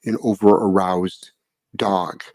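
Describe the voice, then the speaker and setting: A man hosting a live dog-training Q&A, answering in a calm, monotone, blunt way and swearing freely. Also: low voice, takes it slowly, no echo. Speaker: dog trainer and show host. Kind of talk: casual live Q&A.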